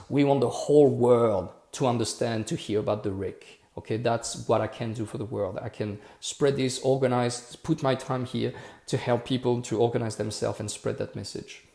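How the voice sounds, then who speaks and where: A man from France speaking English, reading out and answering viewer comments on a livestream. He talks earnestly, repeats himself and restarts phrases as he goes. His voice has a gravelly fry, and the audio sounds roomy and echoey. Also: medium pitch, darkish tone. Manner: earnest, repetitive restarts, says "okay" and "bro" often. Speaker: activist hosting a live Q&A.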